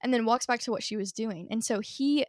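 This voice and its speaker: Young woman podcast co-host, fairly high voice, gushing and chatty with "like" in every phrase, dry close sound. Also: a little fast, no room sound. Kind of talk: casual storytelling chat.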